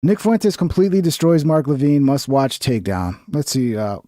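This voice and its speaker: A man's voice: a little high, normal speed, warm tone, dry recording, clean studio sound. A man giving casual reaction commentary, blunt and profane, with many fillers. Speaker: streamer.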